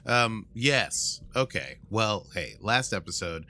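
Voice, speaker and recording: A man's voice: low voice, normal speed, bright, forceful tone, a little hiss or hum. A man hosting a podcast, casually recapping an episode and breaking into sung lines and silly voices. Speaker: podcast host.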